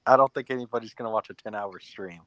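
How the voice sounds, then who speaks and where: A man's voice: on the low side, quick pace, pushed and bright, no room sound, poor audio. A man hosting a live stream in casual chat, teasing a guest and often repeating his words.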